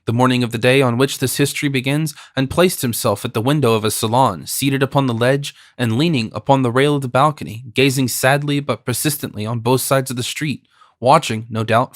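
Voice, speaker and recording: A man narrates a classic novel for an audiobook in a measured, even reading. His voice sits in a middle range for a man. The recording is dry and close, with no room sound. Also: medium pitch, dry recording.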